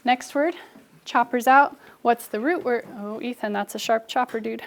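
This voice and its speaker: A woman's voice: on the high side, normal speed. A young adult woman teacher leading a phonics lesson with children, coaching them and adding asides to other teachers. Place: classroom. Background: children in class.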